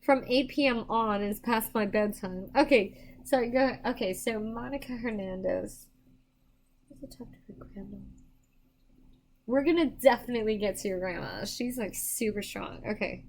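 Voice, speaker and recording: A woman's voice: fairly high pitch, lively intonation, normal speed, a little mellow. A tired woman doing psychic readings on a live stream, chatting casually with viewers and rambling with many restarts. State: tired, yawning.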